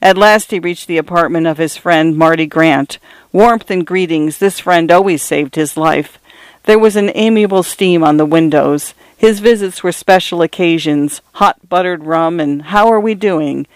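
A narrator giving a measured, expressive reading of a literary story, recorded close. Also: medium pitch, clean tone, no room sound.

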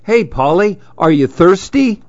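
A man's voice: high voice, big pitch swings, a little slow, a little mellow, no echo, highs cut off, pitched above the performer's own voice. A man voicing a chipper little chameleon in a storybook, eager to be noticed, calling out perkily. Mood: perky. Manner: perky, attention-seeking calls. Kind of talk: storybook reading.

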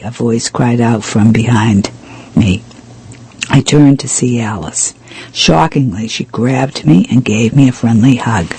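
A man reading a mystery novel aloud in steady, even first-person narration. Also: medium pitch, measured pace, slightly rough, dry recording, low-quality recording. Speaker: audiobook reader.

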